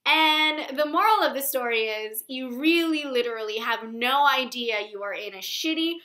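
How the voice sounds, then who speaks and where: A young woman telling a funny personal story in an animated, profane and emphatic way. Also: high-pitched, moderate pace.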